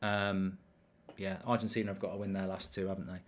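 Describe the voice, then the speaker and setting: A man's voice: sits low, level tone, brisk, slight background noise. A man hosting a live football watchalong stream, chatting casually, rambling with lots of ums and reading viewers' comments aloud.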